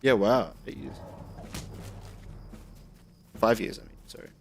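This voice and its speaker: A man's voice: lowish voice, slow, a little hiss or hum. A young man chatting casually while streaming a game, rambling and answering chat.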